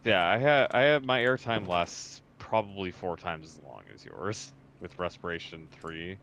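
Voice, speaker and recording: A man's voice: sits low, lively intonation, moderate pace, gravelly, a bit bright, slight background noise, poor audio. A man chatting casually while playing a video game, explaining things patiently and matter-of-factly. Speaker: co-player.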